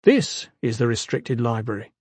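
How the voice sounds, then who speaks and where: A man's voice: mid-range voice, sing-song, moderate pace, darkish tone, breathy edge, dry recording. A man voicing an eager, apologetic young recruit in an audiobook, close to his own voice. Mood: earnest. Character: young man, earnest, awkward student soldier.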